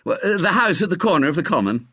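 A man reading aloud and voicing an excitable, flustered young man who stammers and exclaims. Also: sits high, fast, no echo, studio quality, voice pushed up, heavily acted. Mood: eager.

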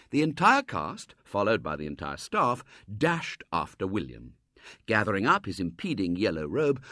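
A man narrating a storybook with a dramatic, expressive reading, recorded close to the mic. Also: medium pitch, no echo.

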